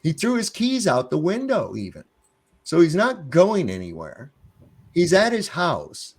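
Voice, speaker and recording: A man's voice: on the high side, wildly swooping pitch, measured pace, breathy edge. A middle-aged man telling a story in casual conversation, swearing freely and acting out both sides of a confrontation in a defiant tone. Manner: profane, defiant, acts out both sides of the exchanges.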